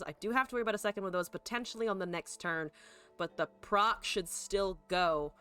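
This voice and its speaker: A woman's voice: mid-range voice, bright, forceful tone. A woman streamer thinking aloud through a card game, swearing freely and chatting to her viewers. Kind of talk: live gameplay commentary.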